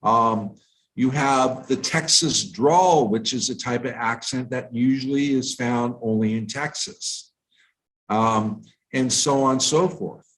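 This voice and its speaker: A man from the United States giving a live online lesson on pronunciation, explaining in a measured way with frequent fillers and restarts. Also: medium pitch, fairly bright tone, a little hiss or hum, rough recording. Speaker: IELTS tutor.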